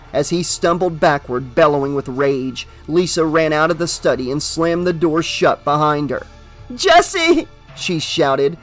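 A man reading a horror novel aloud as an audiobook, with steady, dramatic narration. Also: fairly high pitch.

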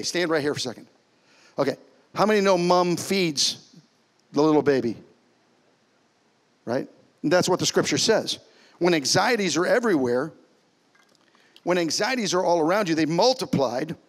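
Pastor guy preaching in church, kinda high voice, gets loud then goes real quiet. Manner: animated, swings from loud exclamations to soft near-whispers. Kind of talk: sermon. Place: church sanctuary.

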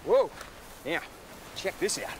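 Excitable Australian man in the field. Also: high-pitched. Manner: excitable and animated, quick exclamations. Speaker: wildlife documentary presenter. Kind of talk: on-location wildlife presenting. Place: outdoors in the bush. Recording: noisy outdoor field recording.

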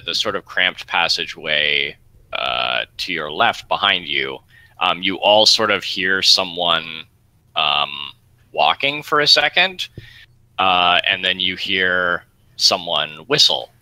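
A man narrating a tabletop game as game master, halting with fillers. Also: low-pitched, pushed and bright, no room sound, poor audio. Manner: hesitant, many fillers.

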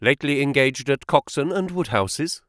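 Brisk, sharp-tongued, flattering money man with a lively, swooping delivery, as a male reader puts him on for an audiobook. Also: mid-range voice, dry recording, clean studio sound, lightly acted. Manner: quick, sharp, flattering and excitable. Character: brisk, smooth-talking male financial agent. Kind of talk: audiobook character voice.

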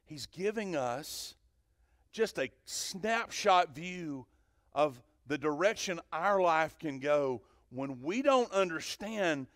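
A male pastor preaching a sermon in church, animated, swinging from loud to hushed and questioning the congregation. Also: mid-range voice, no room sound, clean studio sound. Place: church sanctuary.

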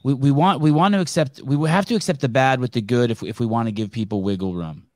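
A man's voice: medium pitch, fast, a little mellow, no echo, clean studio sound. A man hosting a podcast in casual interview chat, who restarts his sentences often and swears freely. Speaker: podcast host.

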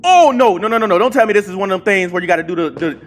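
A man playing a horror game with commentary, swearing a lot and yelping and shouting when startled, chatting to his game companion. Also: sits high, rapid-fire. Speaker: gaming channel host.

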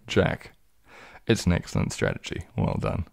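Deep, husky New man. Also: very animated, unhurried. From New Zealand. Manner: reads viewer comments aloud and answers them in a low, laid-back way. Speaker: ASMR streamer. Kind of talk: casual live-stream chat, soft-spoken.

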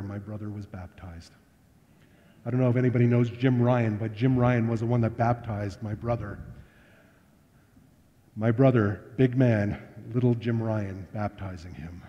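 A man's voice: on the low side, fairly even intonation, measured pace, long pauses. Man preaching in a reverberant hall. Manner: conversational, anecdotal storyteller. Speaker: pastor. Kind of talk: storytelling sermon. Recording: dull lo-fi sound with long hall reverb.

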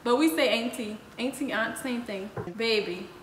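A young woman with a New Orleans accent, casually explaining local slang words in a relaxed, easygoing way. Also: a little high, moderate pace. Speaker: co-host. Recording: echoey room with faint noise.

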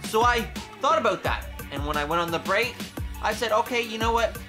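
A young man hosting a casual question-and-answer vlog, energetic, playful and opinionated. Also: sits high, fairly quick, music in the background. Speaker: YouTube host.

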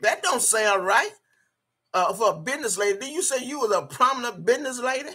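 A woman's voice: fairly high pitch, lively intonation, a little fast, a bit bright, breathy edge. An older woman ranting on camera in heated, scolding commentary, cursing freely and repeating her phrases for emphasis. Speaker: video blogger.

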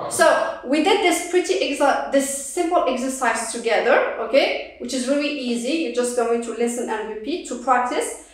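Woman english teacher, high voice, slow patient drilling, far off in a super echoey room. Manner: slow, patient, repeats each word to drill it. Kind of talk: classroom lesson explaining pronunciation.

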